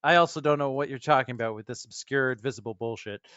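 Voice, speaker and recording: A man's voice: mid-range voice, fast, fairly bright tone, smooth, dry recording, highs cut off. A man playing a tabletop role-playing game, blustering pompously in character. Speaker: player.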